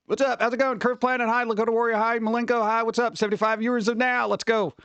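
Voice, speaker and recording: High-pitched guy livestreaming, rambly and excitable, dry close mic. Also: fast, clear, resonant tone, dry recording, highs cut off. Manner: excitable and rambling, laughs often. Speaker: livestream host. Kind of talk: casual chat with live viewers.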